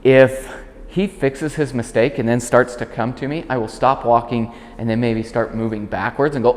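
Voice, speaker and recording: A man working as a dog trainer, calmly explaining a demonstration and switching to short, clear commands for the puppy. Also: mid-range voice, moderate pace, big-room sound. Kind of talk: instructional demonstration.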